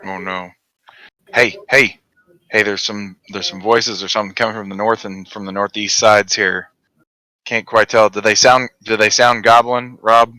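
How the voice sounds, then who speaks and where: A man's voice: lowish voice, fairly even intonation, normal speed, bright, forceful tone, rough recording. A man playing a tabletop game, chatty and laughing often as he describes his character's actions. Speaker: player.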